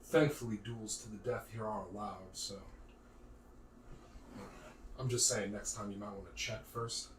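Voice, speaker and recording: A man narrating a tabletop game as game master, in a lively, casual way with lots of filler words. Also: lowish voice, a little slow, pauses often. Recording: roomy, distant mic, faint noise.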